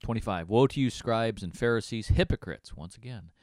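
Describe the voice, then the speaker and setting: A man's voice: fairly low pitch, lively intonation, a little fast, darkish tone, no echo, clean studio sound. A man co-hosting a Bible study, reading scripture aloud expressively with emphatic asides.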